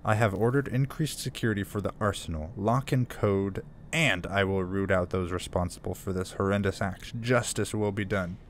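A man's voice: low voice, moderate pace, few pauses, slight background noise, close to an everyday voice. A man voicing a stern male French army commander in a put-on French accent, reading the commander's notes aloud in a survival horror game.

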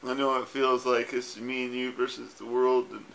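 This husband saying goodbye has a creaky, somewhat bright medium-pitched voice that stays level at normal speed. He tearfully rambles through a tender message to his wife, swearing and using fillers, captured on his own camera with a faint hiss or hum.

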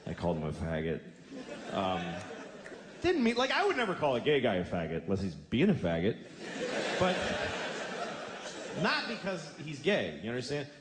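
A man's voice: medium pitch, huge pitch swings, moderate pace, pauses often, echoey room, noisy background. A man doing a crude, rambling stand-up comedy routine with a mock-offended edge. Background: loud crowd laughing.

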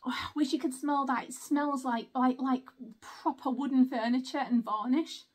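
A woman's voice: sits high, fairly even intonation, normal speed. A woman, chatting through an unboxing and exclaiming often. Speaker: vlogger. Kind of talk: casual unboxing chat.

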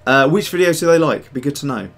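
A man's voice: on the high side, lively intonation, quick pace, gravelly, fairly bright tone. A man hosting a casual livestream, chatting to viewers in a rambling way with many fillers and restarts. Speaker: livestream host and digital sculptor.

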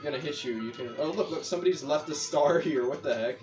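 A man's voice: fairly high pitch, fast, a little mellow. A young man casually explaining a racing video game as he plays, rambling and correcting himself as he goes. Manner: rambling, chatty, self-correcting. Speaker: gameplay commentator. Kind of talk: casual gameplay tutorial. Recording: music playing behind. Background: game music.

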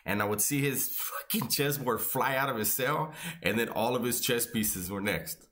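A man's voice: mid-range voice, normal speed, a bit bright, a little hiss or hum. A man, telling casual, joking, profane stories. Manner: profane, laid-back, joking. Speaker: storyteller recalling his prison years. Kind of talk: casual storytelling.

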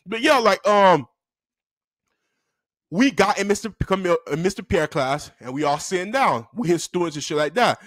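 Animated young man telling a story. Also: high voice, normal speed, no room sound. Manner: animated and slangy, laughs often. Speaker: storytime vlogger. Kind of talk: casual storytelling. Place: indoor room at a desk.

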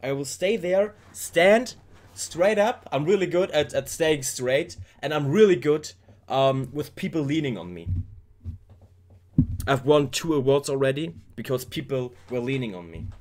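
Lively man reacting playfully. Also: on the high side, measured pace. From Germany. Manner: playful, rambling, joking, talks straight to viewers. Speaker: K-pop reaction YouTuber. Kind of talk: casual reaction commentary.

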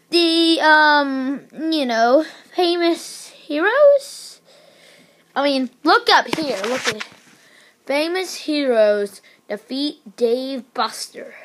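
A woman telling a plush toy story in a rambling, excitable way, full of fillers and sudden shrieks. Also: extremely slow. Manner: excitable, breaks into shrill screams.

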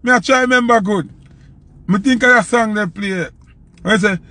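A young man with a Jamaican accent, a selector telling a loose, animated story in patois and acting out the quotes. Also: sits high, normal speed, long pauses. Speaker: dancehall selector. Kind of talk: casual storytelling.

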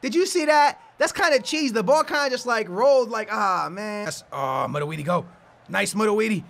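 A young man giving excited commentary over his own soccer video game match, yelling at goals and humming between plays. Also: very high voice, brisk, gravelly. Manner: hyped, yelling at goals, playful banter; hums and sings snatches between plays. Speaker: gaming YouTuber.

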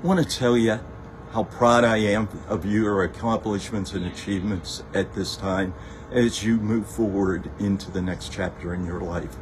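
Measured fatherly man, low voice. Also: steady tone, slight background noise, low-quality recording. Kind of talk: recorded video message.

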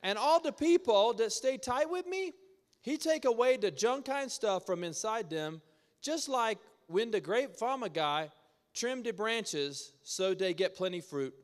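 A man voicing a relaxed Jesus speaking in Hawaiian Pidgin, read playfully and folksy in a church. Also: sits high, measured pace, pitched above the performer's own voice. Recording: echoey church hall.

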